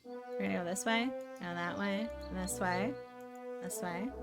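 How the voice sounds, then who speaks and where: A woman's voice: mid-range voice, fairly even intonation, measured pace, over loud music. A woman from the Netherlands chatting casually as she streams a game, bubbly and talkative while reading chat aloud. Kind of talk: casual gameplay commentary.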